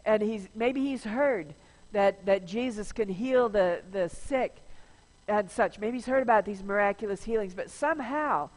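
A woman's voice: mid-range voice, a little slow, darkish tone. A woman pastor giving a conversational sermon, chatty and informal, with frequent restarts. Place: large church sanctuary. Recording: long church reverb.

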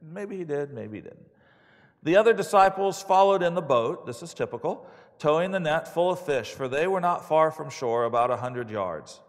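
A man preaching a sermon, telling stories in an animated way and acting out the quotes. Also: fairly high pitch, normal speed. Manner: animated storytelling with acted-out quotes. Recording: long hall reverb.

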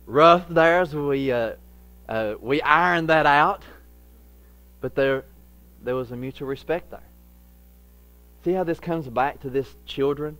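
A middle-aged male pastor preaching a sermon, lively and acting out the voices he quotes. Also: mid-range voice, poor audio. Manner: animated, acts out quoted voices.

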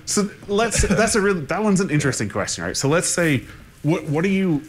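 A man's voice: high voice, very animated, brisk, slight background noise. A man speaking on a conference panel, thinking aloud with restarts and frequent "right?" tags. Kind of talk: unscripted panel discussion.

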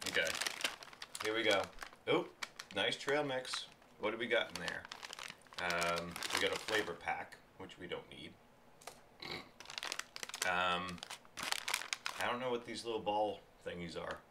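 A man's voice: deep voice, a little slow, long pauses, background noise. A man casually reviewing food on a stream, rambling and chatty, often talking while he chews.

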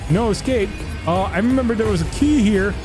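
A man's voice: sits high, fairly quick. A young man commentating a horror game he is playing, jumpy and teasing the baby character with mock insults. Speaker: gaming YouTuber. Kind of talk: let's play commentary. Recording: game music playing behind. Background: game music.

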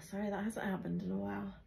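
A woman's voice: mid-range voice, level tone, fairly quick, creaky, dark tone, slight background noise, low-quality recording. A woman giving a casual tarot love reading, chatty and intuitive, with asides and fillers. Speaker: tarot reader.

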